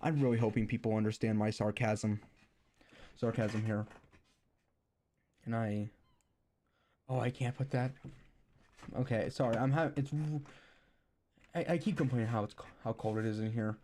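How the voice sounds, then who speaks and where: A man's voice: fairly low pitch, steady tone, normal speed, long pauses, warm tone, slight background noise. A young man streaming a rambling, sarcastic rant that is full of restarts and repeated words.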